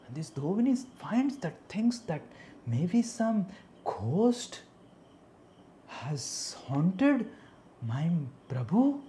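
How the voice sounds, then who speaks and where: Animated man preaching. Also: high voice, drawn-out words, pauses often, slight background noise. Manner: animated, dramatic storyteller who drops to soft asides. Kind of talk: devotional storytelling sermon.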